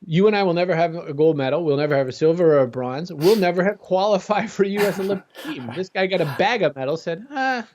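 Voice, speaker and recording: A man with a high voice speaks quickly and with few pauses as an interview guest, energetic and conversational, often jumping into quoted voices. It's motivational interview talk, recorded with dull lo-fi sound and slight background noise.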